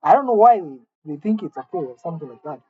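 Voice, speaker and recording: Husky woman ranting with mock seriousness. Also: on the low side, expressive, no room sound, narrow, tinny audio. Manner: indignant, halting, repeats words. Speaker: comedic vlogger. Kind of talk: mock-serious rant monologue.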